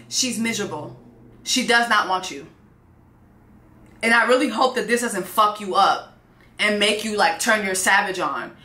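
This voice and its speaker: A woman's voice: a little high, sharp tone, reverberant. A woman hosting a casual reality show review, talking bluntly and profanely with emphatic repetition. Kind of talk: casual commentary.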